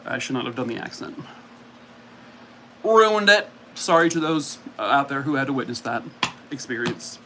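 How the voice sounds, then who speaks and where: A man's voice: mid-range voice, moderate pace, long pauses, a bit bright, slight background noise. A man hosting a casual livestream, chatting and mocking himself as he reacts to viewer comments. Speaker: livestream host.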